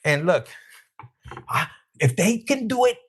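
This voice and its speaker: A man with a high, husky voice gives a live tarot reading. His pitch swings widely as he jokes, swears and laughs, calling out viewers by name between cards. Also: big pitch swings, a little slow. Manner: profane, joking, acts out voices; laughs often, chats to named viewers. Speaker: tarot reader.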